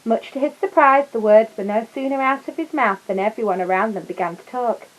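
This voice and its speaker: A woman reading a picture book aloud to children, gently adding little asides for her listeners. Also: fairly high pitch, brisk, low-quality recording. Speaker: storyteller.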